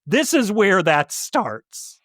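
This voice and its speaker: A man's voice: sits high, sing-song, slow pace, a bit bright, dry recording, studio quality. A man co-hosting a casual movie podcast, recapping scenes for listeners in a conversational way. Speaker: podcast co-host. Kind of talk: casual movie review chat.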